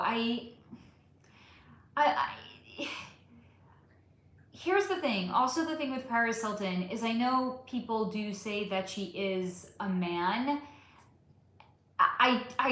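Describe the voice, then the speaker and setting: A woman's voice: fairly high pitch, fairly bright tone. Chatty woman streamer in an echoey room. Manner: chatty, rambling, frequent fillers. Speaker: livestream host. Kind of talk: casual livestream chat answering viewer comments.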